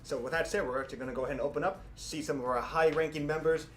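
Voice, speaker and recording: A man co-hosting a game update livestream, briskly walking through a character's skills in a playful in-character way. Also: on the high side, steady tone, slight background noise. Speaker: livestream co-host. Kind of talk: scripted in-character livestream presenting.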